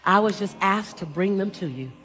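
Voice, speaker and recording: A woman's voice: medium pitch, expressive, normal speed, a bit bright. A middle-aged woman giving a live motivational speech on stage, talking emphatically in a rhythmic, repeating cadence and calling for replies from a large audience. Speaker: motivational speaker.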